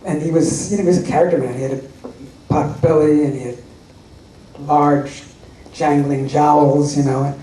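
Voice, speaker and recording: Man, convention panel guest, wry anecdotal storyteller, fairly high voice, distant echoey hall capture. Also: steady tone, normal speed, dark tone. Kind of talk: audience Q&A at a fan convention. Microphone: recorded from the audience. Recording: echoey hall recorded from far off.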